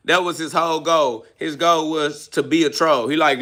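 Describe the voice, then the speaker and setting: A man's voice: a little high, steady tone, normal speed, few pauses, pushed and bright. A man hosting a live self-talk podcast, preaching and mocking a troll in heavy slang. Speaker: podcast host.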